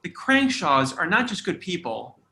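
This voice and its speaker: A man's voice: high-pitched, very animated, normal speed, sharp tone, roomy sound. A man, a guest on a video call, teasing his friends in a playful way. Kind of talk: casual chat on a video call.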